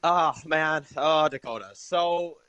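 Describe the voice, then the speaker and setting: A man's voice: fairly high pitch, takes it slowly, a bit bright, clean tone, no echo. A young man giving an enthusiastic, rambling casual review of a TV episode, full of fillers.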